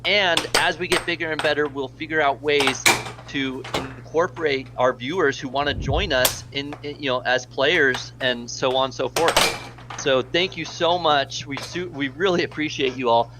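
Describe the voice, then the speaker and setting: Amid very loud noise, a man with an American accent and a slightly high voice at normal speed commentates live air hockey. Nearly hoarse, he rambles along chattily, pausing between plays to thank donors.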